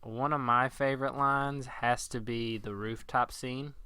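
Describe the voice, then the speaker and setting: Casting: young male podcast co-host, bright and crisp voice, dry close sound. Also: medium pitch, fairly even intonation, measured pace, no echo. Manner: laughing, quoting movie lines in put-on voices. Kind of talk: casual chat.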